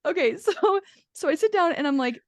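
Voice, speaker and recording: A woman's voice: very high voice, animated, a little fast, no echo, studio quality. A woman co-hosting a podcast in casual chat, telling a long story with lots of laughter and casual swearing. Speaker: podcast co-host.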